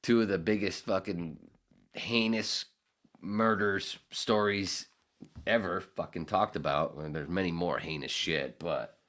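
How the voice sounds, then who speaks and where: A man's voice: deep voice, unhurried. A man in his fifties hosting a podcast, ranting in a profane, rambling way. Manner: profane, rambling, animated, acts out voices. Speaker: podcast host. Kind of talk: casual podcast rant.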